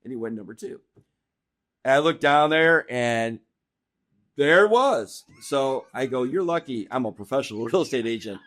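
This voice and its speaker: A man's voice: mid-range voice, moderate pace, no echo, clean studio sound. Middle-aged man telling funny stories. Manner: animated anecdotes with frequent laughter. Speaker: guest real estate agent. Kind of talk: casual podcast storytelling. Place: indoor podcast room.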